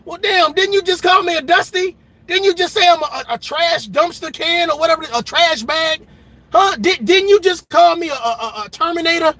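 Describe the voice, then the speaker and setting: A man hosting a reaction channel, delivering a loud, emphatic and mocking rant that keeps repeating itself. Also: very high-pitched, moderate pace.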